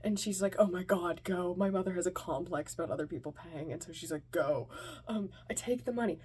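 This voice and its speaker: A woman's voice: on the low side, fast talker, dark tone, slight background noise. A woman telling a comic personal story in an anxious, self-mocking way, often dropping into whispered asides.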